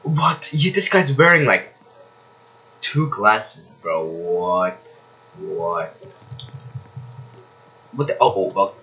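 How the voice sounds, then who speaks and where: A young man casually commenting on his gameplay, excitable and yelping with surprise. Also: lowish voice, very slow, long pauses, dull audio. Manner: excitable, shouts and yelps of surprise. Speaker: gaming streamer.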